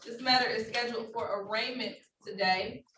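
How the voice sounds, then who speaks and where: A woman's voice: a little high, steady tone, moderate pace, bright, forceful tone. Woman judge reading court procedure, formal and patient, echoey courtroom, faint background noise. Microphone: video call. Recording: roomy, distant, faint noise.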